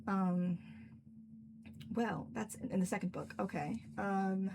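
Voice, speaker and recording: A creaky, mid-range voice comes through over background noise as this young woman takes her time. Hosting a casual livestream Q&A as an author, in cosplay at home, she rambles and chats, filling her answers with frequent "like"s.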